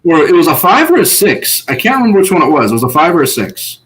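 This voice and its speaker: A man with a slightly high voice talks in a loose, chatty way as he recaps episodes. He laughs often and jumps into quick impressions of the people he talks about. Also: rough recording. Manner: animated, laughs often, voices quoted contestants. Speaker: podcast co-host. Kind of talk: casual recap chat.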